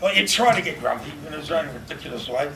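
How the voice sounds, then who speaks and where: A man giving a memorial speech, telling fond stories in a halting way and laughing often, recorded from a distance in a noisy room. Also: a little high, lively intonation, creaky. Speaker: eulogy speaker.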